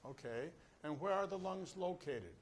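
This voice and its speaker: An older man teaches a brass master class in a classroom or rehearsal room with a live audience, leading students through breathing exercises with jokes and direct coaching. His voice is a little high and animated at normal speed, with a little hiss or hum in the recording.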